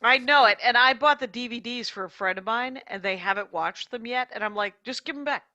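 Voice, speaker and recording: A woman's voice: fairly high pitch, a little fast, pushed and bright, muffled recording. A woman comedian guesting on a podcast, chatting casually with wry, self-deprecating asides.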